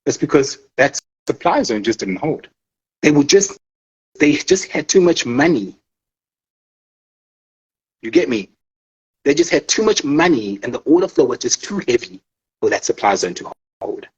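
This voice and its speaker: A man's voice: mid-range voice, sing-song, normal speed, pauses often, slightly rough, highs cut off. A man explaining trading in a casual interview, emphatic, swearing and checking in with the listener. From South Africa. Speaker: forex trader.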